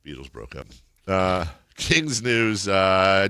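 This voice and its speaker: A man's voice: deep voice, moderate pace, pushed and bright, no echo, studio quality. A man hosting sports radio, chatting casually and rambling with lots of fillers. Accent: American. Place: radio studio. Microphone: studio microphone.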